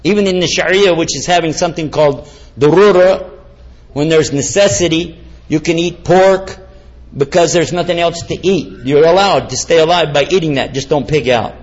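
Male preacher, lively and questioning, voice a bit high, dull lo-fi audio. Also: normal speed. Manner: animated, asks the audience questions, jokes. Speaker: Islamic preacher. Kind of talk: lecture to a live audience. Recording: dull lo-fi sound.

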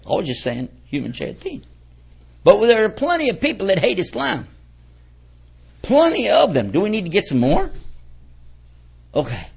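A man's voice: high-pitched, huge pitch swings, moderate pace, creaky, pauses often, husky. A man giving a conversational religious lecture, a folksy preacher who keeps quizzing his audience. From United States. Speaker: Islamic preacher. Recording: dull lo-fi recording.

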